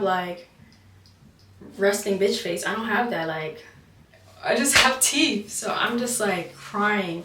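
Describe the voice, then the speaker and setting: A woman's voice: medium pitch, fairly bright tone, distant mic, slight background noise. A young woman telling a story in a chatty vlog, often saying "like", recorded in a roomy space away from the mic. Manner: chatty, many filler "like"s. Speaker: vlogger.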